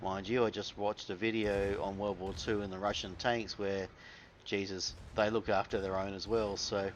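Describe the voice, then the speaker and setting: A man's voice: on the low side, level tone, normal speed. Aussie guy narrating his game footage, easygoing, swears a bit, faint battle noise behind. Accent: Australian. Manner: laid-back, crude slang, wry. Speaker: gameplay commentator. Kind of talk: casual game commentary.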